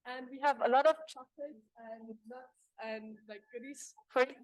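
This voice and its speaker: A woman's voice: high voice, steady tone, moderate pace. A young woman visiting a lecture hall, giving a cheerful festive greeting to the class. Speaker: visiting student group member.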